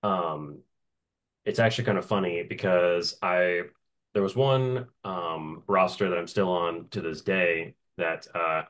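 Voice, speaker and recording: A relaxed male voice actor with a slightly low voice, chatting through an interview. He breaks into laughter often and keeps his telling loose and animated. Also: a little slow. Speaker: voice actor guest. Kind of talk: casual interview storytelling.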